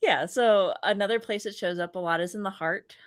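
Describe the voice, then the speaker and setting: A woman speaking as a guest in a casual podcast conversation, thoughtful, with frequent ums and soft laughs. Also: mid-range voice, fairly quick. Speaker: guest, Reiki practitioner.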